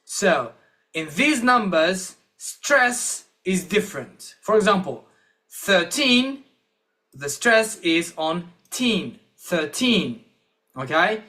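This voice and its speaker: High-voiced, slow-talking male English teacher. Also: animated, bright, forceful tone. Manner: slow, encouraging, repeats after the audio. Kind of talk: classroom-style lesson.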